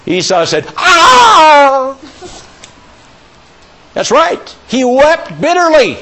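A male preacher delivering a sermon in a fairly high voice that swings widely in pitch. He speaks emphatically, pushing up toward near-shouts, and leads call-and-response with the congregation. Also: big pitch swings, a little slow, breathy edge.

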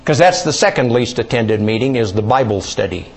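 In a medium-pitched, expressive voice with a breathy edge, a male pastor teaches his congregation, asking them questions, repeating important words and reading scripture quotes in a slow, drawn-out way.

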